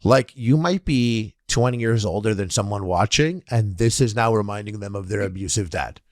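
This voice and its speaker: A man's voice: on the low side, expressive, moderate pace, no room sound, clean studio sound. A man co-hosting a casual podcast, telling stories and acting out the voices of the people he quotes. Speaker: podcast co-host.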